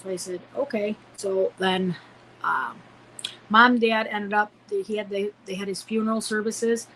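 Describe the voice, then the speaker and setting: A woman's voice: medium pitch, fairly even intonation, moderate pace, sharp tone, a little hiss or hum, low-quality recording. A woman in her forties from Illinois, a podcast guest telling a personal story in a rambling way, with many fillers and restarts. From Illinois, United States. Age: 40s.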